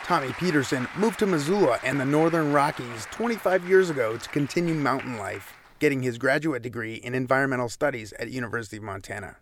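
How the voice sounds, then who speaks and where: A male host reading a steady, scripted closing announcement. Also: medium pitch, quick pace, hardly any pauses, a crowd in the background, background noise. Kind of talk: scripted outro.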